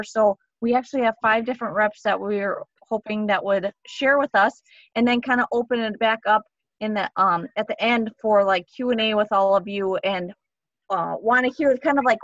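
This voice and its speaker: A woman's voice: medium pitch, a bit bright, dry recording, dull audio. A woman leading a casual sales team meeting on a video call, upbeat and enthusiastic as she cheers people on.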